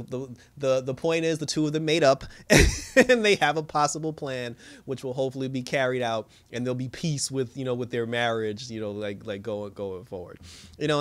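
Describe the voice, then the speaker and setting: Fast-talking man recapping an episode. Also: mid-range voice. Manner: animated storytelling, slangy, laughs often. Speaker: TV episode reviewer.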